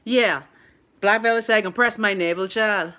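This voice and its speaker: A Bahamian woman hosting a live stream from her phone, chatting casually and reading out viewer comments, laughing often and talking in an animated, playful way. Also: medium pitch, normal speed. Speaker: livestream host.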